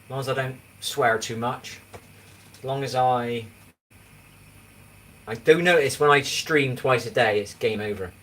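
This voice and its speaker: A man's voice: medium pitch, unhurried, long pauses, a bit bright. A man in his forties with an English accent, chatting casually on a livestream and rambling as he keeps asking if you know what he means. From England. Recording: distant mic with faint background noise.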